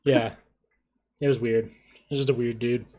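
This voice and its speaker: A man's voice: medium pitch, little pitch movement, normal speed, dark tone. A man co-hosting a casual podcast, telling a short story in an easygoing way with plenty of fillers like "like" and "uh". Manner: easygoing, summarizing, filler-heavy. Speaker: podcast co-host.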